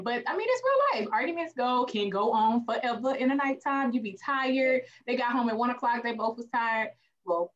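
A woman's voice: mid-range voice, distant mic. This is a woman co-hosting a casual film review chat. She talks in a mid-range voice and keeps acting out scenes from the movie, often laughing as she goes. The recording is somewhat dull and lo-fi. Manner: animated, acts out movie lines, laughs often. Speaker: podcast co-host.

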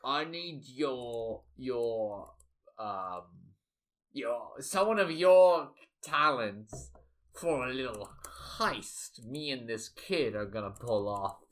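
A man voicing a gruff male shark thief who leads a heist and talks bluntly, in a playful improvised story. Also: medium pitch, animated, slow, a bit bright. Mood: businesslike.

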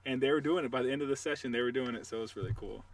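A man co-hosting a sports podcast, chatting casually and telling animated, trash-talking stories. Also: medium pitch, racing, recorded from a distance. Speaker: podcast co-host.

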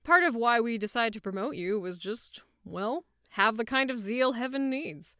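A breezy, overbearing archangel boss in a fan audio drama. The voice is bright and lively, bouncing up and down, and smooth and clear in tone. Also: female voice, fairly high pitch, normal speed, dry recording, studio quality. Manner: breezy, hearty, pushy.

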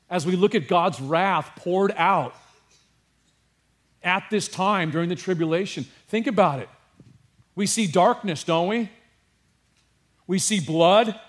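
Passionate pastor, hushed to emphatic. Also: male voice, on the high side. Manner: casual asides to the congregation. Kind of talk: sermon.

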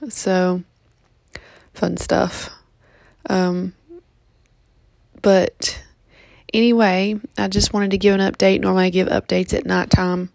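A sleepy woman gives a casual update from home, her speech halting and full of ums and restarts. Her voice is gravelly and fairly flat in tone. The recording is close and dry. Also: mid-range voice, no room sound. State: just woke up, yawning. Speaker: vlogger giving a pet health update.

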